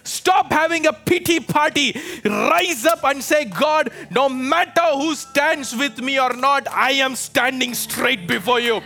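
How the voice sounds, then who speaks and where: A man with a high, bright voice preaches a fervent sermon, calling out to his congregation and pressing them to answer. Soft music runs underneath his voice. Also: unhurried, hardly any pauses. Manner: fervent, exhorting, calls out to the congregation. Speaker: pastor. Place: church with a live congregation.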